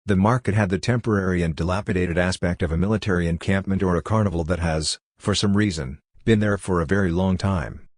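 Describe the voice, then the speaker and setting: A man reading a novel aloud at an even, measured pace. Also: sits low, no room sound, studio quality. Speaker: narrator. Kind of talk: audiobook reading.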